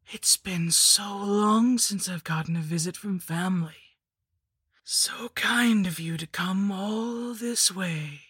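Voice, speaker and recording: A woman voicing a rotting, ancient female lich in a whispered role-play, with a slow, mocking, wheezing whisper. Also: medium pitch, fairly bright tone, breathy edge, no echo, clean studio sound, voice pushed up, full character voice. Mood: gloating. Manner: slow, sing-song and mocking.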